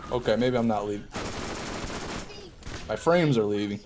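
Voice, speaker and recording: A man's voice: fairly low pitch, moderate pace, background noise. A man streaming a video game live, chatting casually, joking and answering his chat as he plays. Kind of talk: live gameplay commentary.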